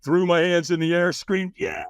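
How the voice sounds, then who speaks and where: Lively, animated male podcast guest. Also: fairly high pitch, moderate pace, dry recording, clean studio sound. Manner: animated, acts out quoted voices, laughs often. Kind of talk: casual interview storytelling.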